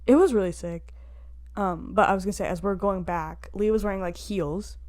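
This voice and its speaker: A woman's voice: mid-range voice, normal speed, darkish tone. A young woman co-hosting a podcast, telling a story in casual chat with lots of fillers and acted-out quotes. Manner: chatty storytelling with many fillers, acts out quotes. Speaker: podcast co-host.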